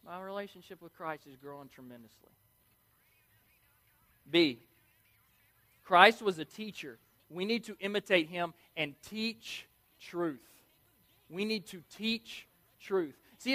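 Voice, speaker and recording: A man preaching a sermon in an energetic, emphatic, playful way, often repeating key words. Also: high voice.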